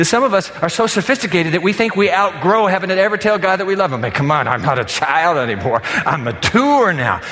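A man's voice: on the high side, fairly quick, few pauses, big-room sound. Older male pastor preaching, conversational. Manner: animated, conversational, emphatic. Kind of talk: sermon. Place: church sanctuary.

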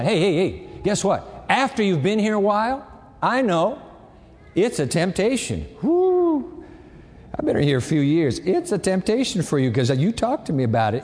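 A man preaching in a large hall, his voice sitting a little high and moving all over the place, rising and falling. Long reverb trails behind his words as he swings between bursts and quiet asides. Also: slight background noise. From raised partly in Japan. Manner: lively, conversational preaching with sudden swings from loud to quiet. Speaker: campus pastor. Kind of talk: sermon.

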